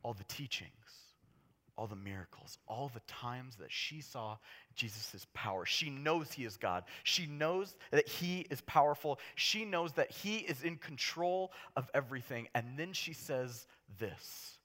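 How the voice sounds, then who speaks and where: A man preaching a sermon as a pastor, impassioned and swinging between hushed storytelling and loud, urgent delivery. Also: mid-range voice, lively intonation, measured pace.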